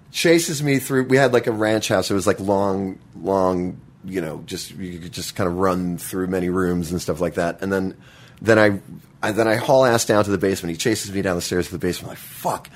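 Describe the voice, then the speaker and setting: A man telling a childhood story in a casual chat, halting and restarting often and swearing freely. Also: low voice. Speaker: guest.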